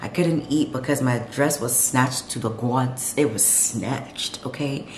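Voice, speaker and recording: A woman's voice: extremely low pitch, measured pace, a little mellow, slight background noise. A woman vlogging at home in a chatty, sassy way, full of slang, talking to her camera. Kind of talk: casual late-night vlog chat. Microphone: camera set up nearby. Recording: echoey room with music behind.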